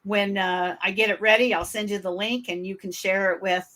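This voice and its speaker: Woman, podcast host, northern US accent, chatty, friendly, mid pitch. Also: fairly even intonation, normal speed, bright, forceful tone. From Michigan. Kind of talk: casual interview.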